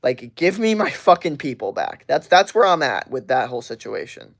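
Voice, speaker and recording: A man's voice: on the high side, very animated, moderate pace, gravelly, fairly bright tone. A young man streaming from his bedroom, venting in a profane, frustrated casual rant. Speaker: live streamer.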